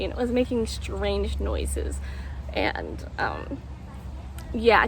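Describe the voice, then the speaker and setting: With poor audio and faint background noise, a young vlogger relates a story in a fairly high, somewhat bright voice. Her telling is loose and rambling, filled with ums and acted-out quotes.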